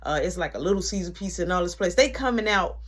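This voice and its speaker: A woman's voice: lowish voice, expressive, fast talker. A young adult woman telling a story in a casual, slangy, profane way and acting out each person's lines.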